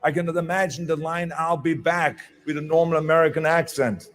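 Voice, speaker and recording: A man's voice: fairly high pitch, fairly even intonation, a little fast, fairly bright tone, faint music behind. An older man with a German accent giving an emphatic motivational speech, with small slips in his phrasing. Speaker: motivational speaker.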